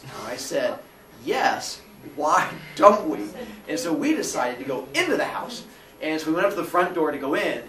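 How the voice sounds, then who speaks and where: A lively man telling a comic story about his own childhood. His pitch swings wide as he acts out the voices of those in it. He sits a little back from the mic in an echoey room with faint ambience. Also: far from the mic, a little hiss or hum. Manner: animated, acts out voices with squeals and laughs.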